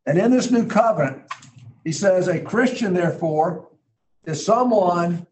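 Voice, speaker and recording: A man's voice: high-pitched, sing-song, measured pace, a little mellow, low-quality recording. A man teaching a Bible class in a conversational way, earnest and emphatic, thinking aloud as he reads scripture.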